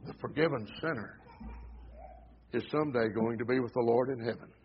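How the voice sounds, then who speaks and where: A man's voice: medium pitch, brisk, slight background noise. A man preaching a sermon at a church service, earnestly exhorting the congregation and reading scripture aloud. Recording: dull lo-fi sermon recording.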